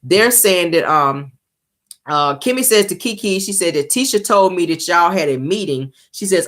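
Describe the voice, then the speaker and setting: With a lowish, slightly bright voice and lively intonation, a woman chats casually at a normal pace about a reality show episode. Now and then she breaks into playful impressions of the people on the show.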